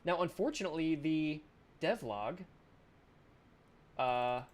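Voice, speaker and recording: A man's voice: fairly high pitch, animated, slow. A male game developer thinking aloud in a casual live stream, chatty and self-mocking, swearing offhandedly, speaking into a desk microphone.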